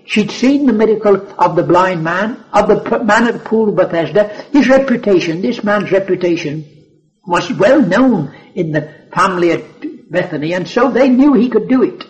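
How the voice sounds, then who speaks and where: Preacher, male, high voice, earnest and emphatic, repeats key phrases. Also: expressive, normal speed, muffled recording. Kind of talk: sermon.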